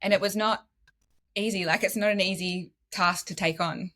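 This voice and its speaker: A woman's voice: medium pitch, moderate pace. An Australian woman in her thirties, a former nurse now studying medicine, telling her story in a casual podcast chat with frequent laughs and acted-out quotes. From Western Australia. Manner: animated, laughs often, acts out quotes.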